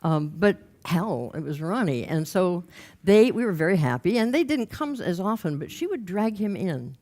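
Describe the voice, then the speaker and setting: A woman from Los Angeles, a workshop leader, telling an anecdote from her groups in a lively way and mimicking the people she quotes. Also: lowish voice, moderate pace. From Los Angeles, United States. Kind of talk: anecdotal storytelling talk.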